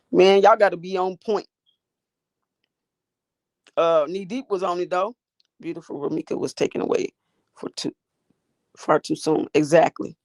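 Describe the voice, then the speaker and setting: A woman's voice: lowish voice, vocal fry, no echo. A woman hosting a livestream from her phone, ranting at her chat in a profane, combative, sassy way. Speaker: livestream host. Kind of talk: casual live-chat rant.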